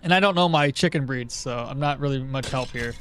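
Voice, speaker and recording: A man streaming a game, chatting casually and excitably, swearing now and then. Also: medium pitch, a little fast, a little hiss or hum. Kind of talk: casual gameplay commentary.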